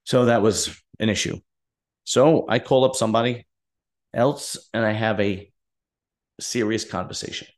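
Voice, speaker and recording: A man's voice: on the low side, a little slow, long pauses. A man hosting his own podcast, telling a story in a direct, aggrieved way and acting out both sides of past conversations. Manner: direct, aggrieved, recounting dialogue. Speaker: podcast host. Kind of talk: casual storytelling monologue.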